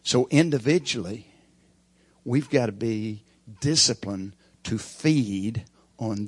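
A middle-aged preacher giving a sermon with folksy, emphatic storytelling. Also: male voice, on the low side, unhurried, slightly rough, dry recording.

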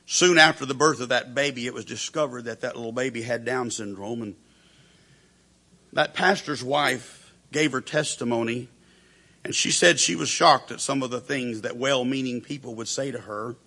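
Gravelly, bright-toned preacher. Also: male voice, medium pitch, moderate pace. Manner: storytelling preacher who acts out quoted voices. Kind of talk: sermon.

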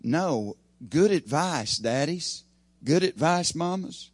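A man preaching an evening sermon, his voice swinging from loud emphasis to hushed asides. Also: fairly high pitch, expressive, slow pace, breathy edge, dry recording.

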